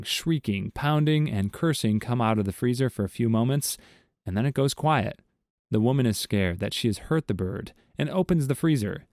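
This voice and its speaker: A man reading short jokes aloud as scripted narration, with a steady storytelling delivery. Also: medium pitch, dry recording, studio quality. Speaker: joke narrator.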